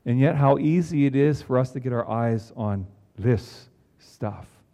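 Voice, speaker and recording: A man preaching a sermon in an earnest way, with emphatic rises and quiet low drops. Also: a little slow. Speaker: pastor.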